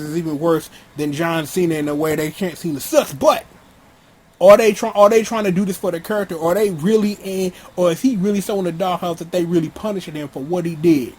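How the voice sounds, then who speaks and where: A man with a high, husky voice rants casually and bluntly, full of slang and swagger. He talks in an animated, opinionated way, like a vlogger riffing to his viewers. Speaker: wrestling commentator vlogger.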